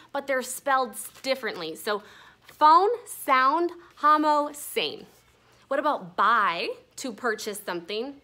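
A woman's voice: on the high side, pushed and bright. A young woman teacher explaining a grammar lesson patiently, spelling words out letter by letter.

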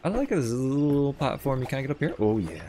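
A man's voice: medium pitch, warm tone, slight background noise. A man streaming a video game, commenting in a playful, chatty and self-deprecating way. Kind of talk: casual gameplay commentary. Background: game music.

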